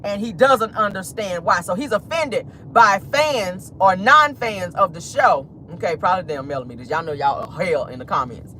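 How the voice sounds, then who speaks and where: A woman hosting a casual celebrity gossip vlog, sassy and animated, laughing and talking straight to her viewers. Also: medium pitch, normal speed, few pauses, slight background noise. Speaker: host.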